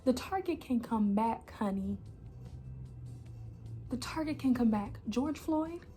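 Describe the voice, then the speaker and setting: Angry young woman, hushed intense repetition. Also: fairly high pitch, lively intonation, unhurried, faint music behind. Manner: angry and emphatic, repeating phrases, often dropping to an intense hushed voice. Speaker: channel host. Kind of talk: impassioned personal monologue.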